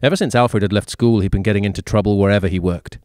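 Male storyteller, low voice, measured story reading. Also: dry recording, studio quality. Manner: even, measured reading with occasional fillers. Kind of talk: reading a short story aloud.

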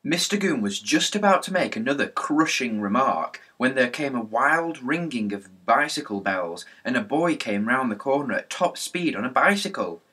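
A man reading a children's mystery novel aloud in a lively storybook narration. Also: medium pitch, moderate pace, hardly any pauses, breathy edge. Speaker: audiobook narrator.

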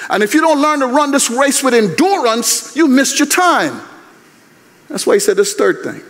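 An older male preacher delivers an animated, conversational sermon. His voice is very high and swings widely in pitch. It echoes with a long reverb through a large chapel. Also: normal speed. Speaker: guest preacher.

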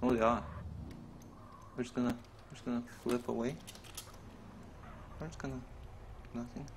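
A man streaming a role-play game, commenting excitedly, swearing and laughing as he plays at his computer. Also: mid-range voice, measured pace, noisy background.

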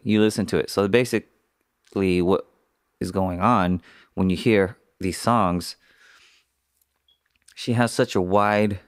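Low, unhurried man with a cough. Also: smooth, no room sound, studio quality. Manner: thoughtful, searching for words. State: a little sick, occasional cough. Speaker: podcast host and mixing engineer. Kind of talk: casual explanatory monologue.

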